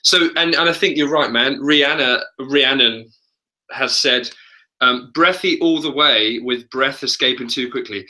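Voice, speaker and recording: Male vocal coach, very bright forward tone, chatty and loose, casual webinar talk. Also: mid-range voice, measured pace. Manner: chatty, laughs often.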